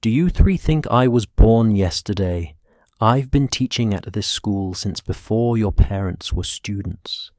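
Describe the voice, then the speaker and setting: A man's voice: lowish voice, a little slow, few pauses, dry recording, studio quality, close to an everyday voice. A man voicing a stern older female Scottish professor with a clipped, cold, commanding manner and a Scottish accent.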